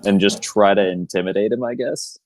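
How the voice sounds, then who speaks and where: A man playing a tabletop game, describing his character's moves and dice rolls with halting fillers. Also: lowish voice, low-quality recording. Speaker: player. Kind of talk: casual tabletop game play.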